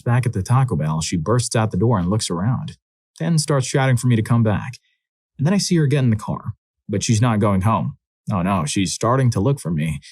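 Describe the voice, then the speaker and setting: A man narrating scripted first-person stories with a steady, wry delivery. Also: lowish voice, no room sound.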